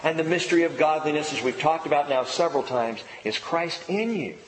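A middle-aged man preaches with a lively, rising and falling delivery that leans on repeated phrases. His voice rings through a roomy hall with a long reverb tail. A faint murmur of ambience sits behind him. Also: on the high side, a little fast, a little hiss or hum. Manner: emphatic, repeats key phrases. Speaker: pastor. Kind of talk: sermon.

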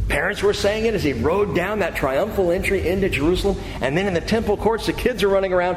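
A man's voice: high voice, a little fast, slight background noise. A man preaching a sermon in a church and closing with a prayer, talking emphatically, recorded in a reverberant hall. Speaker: pastor. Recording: echoey hall with faint ambience.

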